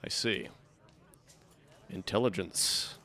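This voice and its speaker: A man's voice: low voice, slow pace, pushed and bright. A man streaming a game, giving casual commentary in a sarcastic, joking way.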